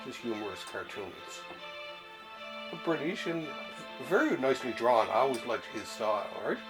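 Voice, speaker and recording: A man's voice: mid-range voice, lively intonation, normal speed. A man hosting a laid-back chat about comic books in a home library. He rambles, restarts his sentences and laughs often. Faint music plays under his voice. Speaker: show host.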